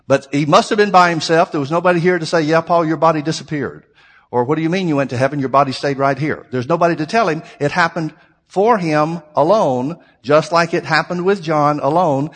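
A man's voice: on the high side, fairly bright tone, big-room sound. A man preaching a sermon, teaching through a Bible passage in a conversational way and asking rhetorical questions.

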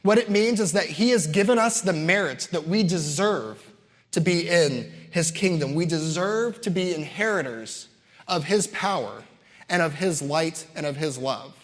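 A man's voice: on the high side, animated, measured pace. A man preaching a sermon, emphatic and building his points through repetition, with casual asides to the congregation. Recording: long hall reverb.

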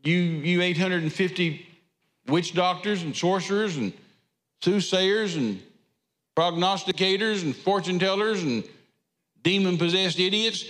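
A man preaches a sermon, telling a Bible story in a folksy way with drawled asides. His voice is high-pitched and fairly bright at a measured pace, and the recording has echoey hall reverb.

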